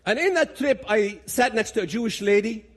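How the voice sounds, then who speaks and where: A man gives a dramatic public talk. His voice sits high for a man and swings widely as he pushes each point hard. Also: expressive, fairly quick. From Palestinian territories. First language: Arabic. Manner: dramatic, emphatic, builds to loud peaks. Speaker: public speaker.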